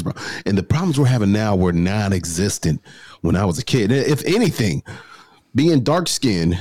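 A man in his thirties talking casually as a podcast guest, an animated storyteller who says bro and man a lot. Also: on the low side, no echo. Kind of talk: casual conversation.

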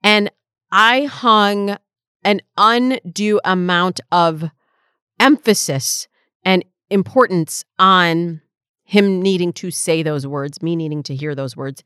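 A woman's voice: lowish voice, slow, a bit bright, clear, resonant tone, no room sound, clean studio sound. A woman in her forties hosting an advice podcast, answering listener questions as a dating coach in a reflective, conversational way.

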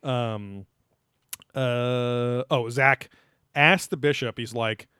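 A man's voice: medium pitch, steady tone, slow, pushed and bright, smooth, no room sound, studio quality. A young man co-hosting a podcast, recapping a TV episode in loose, joking chat with lots of fillers and laughter. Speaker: podcast co-host.

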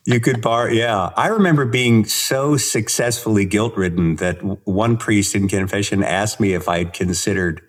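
A man telling stories and jokes in casual chat, halting and restarting often. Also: lowish voice. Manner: halting, full of fillers and restarts.

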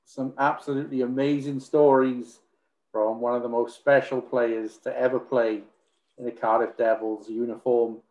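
A man's voice: medium pitch, level tone, normal speed, darkish tone. A man hosting an interview, closing it out with thanks and frequent hesitant fillers. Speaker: podcast host. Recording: roomy, dull lo-fi sound.

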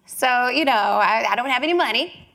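A woman from Chicago giving a storytelling talk, lively and acting out the voices she quotes. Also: on the high side, moderate pace, creaky. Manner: animated, acts out quoted voices.

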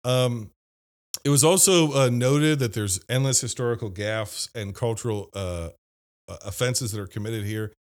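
A man from Ohio hosts a casual movie-review podcast, laughing often and mimicking lines from films. He speaks at medium pitch and normal speed.

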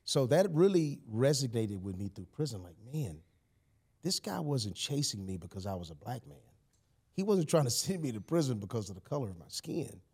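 A man, a podcast guest telling a personal story in casual conversation, animated and emphatic, often saying "you know" and "man". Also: medium pitch, brisk, slightly rough.

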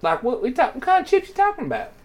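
A man playing a fawning, flattering middle-aged man in an improvised role-play, using a put-on, unplaceable accent. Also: very high-pitched, fast, a little hiss or hum, voice pushed up, heavily acted. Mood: encouraging. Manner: flattering, gushing.

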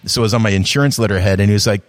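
A man's voice: fairly low pitch, racing, no echo. A middle-aged man, a restaurant executive, telling his career story in an interview, acting out old conversations and often restarting his sentences. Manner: animated storyteller, acts out quoted conversations; frequent repeated starts. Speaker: restaurant chief executive guest.

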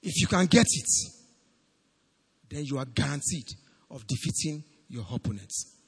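A man preaching a sermon as pastor, swinging from shouts to low, quiet lines. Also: measured pace, breathy edge, long reverb tail. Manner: animated preaching, rising to shouts and dropping low.

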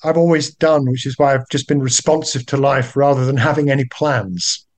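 An older man with a British accent, a guest actor chatting in a relaxed, wry, self-deprecating way. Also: moderate pace. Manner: genial, wry, self-deprecating, with lively pitch jumps. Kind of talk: relaxed podcast chat.

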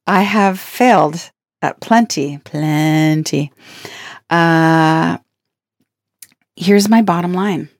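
A woman's voice: lowish voice, drawn-out words, long pauses, no echo, studio quality. A woman giving a reflective spiritual self-help talk, earnest and playful, laughing now and then between her points.

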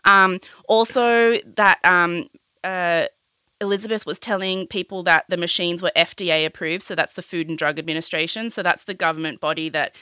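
Young woman, podcast host, casual storytelling, bright tone, lots of "like", dry close sound. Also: on the low side, steady tone, normal speed, smooth, dry recording. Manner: chatty, sweary, heavy on filler "like".

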